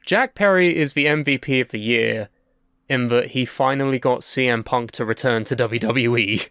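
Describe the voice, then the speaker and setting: A man's voice: mid-range voice, normal speed, a bit bright, clear, resonant tone, dry recording, studio quality. A young man co-hosting a podcast in casual, sweary and wry chat about wrestling, sharing strong opinions. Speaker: podcast co-host.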